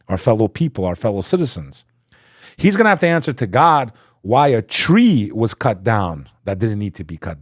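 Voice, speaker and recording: A low-pitched man speaks as a guest on a podcast, recounting a story with real conviction. His voice rises to loud, pressing emphasis, then drops to a hushed near-murmur. The sound is dry and close, with no room around it. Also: dry recording. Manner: fervent, swings between loud emphasis and hushed asides; acts out quoted speech. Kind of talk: impassioned storytelling in conversation.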